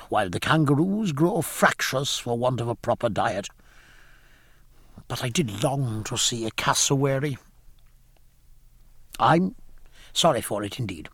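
A man's voice: medium pitch, very animated, unhurried, pauses often, a bit bright, husky, no room sound, clean studio sound, exaggerated voice. A man voicing a learned, prickly ship's surgeon, speaking in formal, wordy phrases. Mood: earnest.

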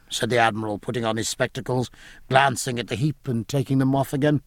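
A man narrating a novel as an audiobook in an expressive storytelling manner. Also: medium pitch, brisk, vocal fry, no room sound. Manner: expressive, varied storytelling delivery. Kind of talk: scripted narration.

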